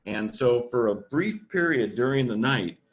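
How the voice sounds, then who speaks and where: A man's voice: mid-range voice, expressive, measured pace, poor audio. A man at a church gathering teaching casually about a storybook, explaining as he goes and reading passages aloud. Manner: informal, explains as he goes, with fillers.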